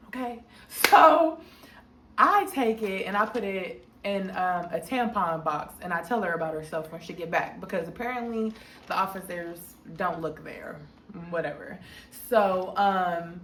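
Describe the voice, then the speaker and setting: A young woman telling a casual storytime in a slangy, animated way, jumping up high when she quotes people. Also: measured pace, slight background noise. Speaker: storytime vlogger. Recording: echoey room.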